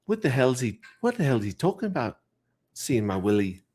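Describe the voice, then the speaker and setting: A man's voice: mid-range voice, sing-song, a little fast, darkish tone, breathy edge. A man doing a mocking impression of an incredulous male friend in a put-on accent. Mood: exasperated. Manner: mock accent, exasperated.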